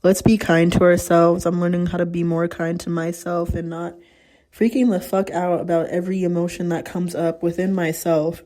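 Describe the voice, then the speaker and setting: A woman's voice: lowish voice, completely flat delivery, normal speed, warm tone. A young adult woman hosting a podcast, talking candidly in a casual solo monologue and swearing freely. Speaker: podcast host.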